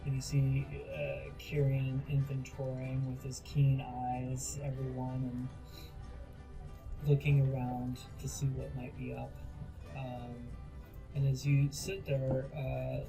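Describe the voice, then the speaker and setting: A man narrating as game master, halting and full of fillers. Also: mid-range voice, vocal fry, low-quality recording.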